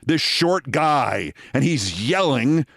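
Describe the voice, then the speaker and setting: A man's voice: mid-range voice, very animated, slow, gravelly, a bit bright, dry recording, studio quality. A man hosting a show, telling a long anecdote in a wry, dramatic way. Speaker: host. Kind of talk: storytelling commentary.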